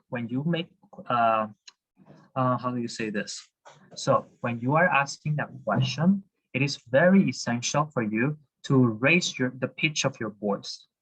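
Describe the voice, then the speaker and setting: Patient bright-voiced Spanish teacher. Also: male voice, mid-range voice, animated, measured pace, husky, rough recording. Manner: patient, encouraging, with many fillers. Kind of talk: online class teaching.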